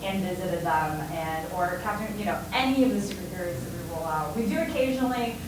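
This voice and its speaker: A woman's voice: lowish voice, brisk. Woman panelist, casual and chatty, recorded far away in a reverberant room. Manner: chatty, many fillers and "right?". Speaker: costume volunteer panelist. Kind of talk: panel talk. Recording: echoey hall from far off, noisy.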